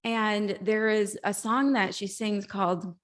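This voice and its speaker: Brief: woman life coach, warm encouraging speaker on a video call, earnest and heartfelt. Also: mid-range voice, steady tone, measured pace. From Mexico. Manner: heartfelt, encouraging, with soft laughs. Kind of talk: motivational talk on a video call.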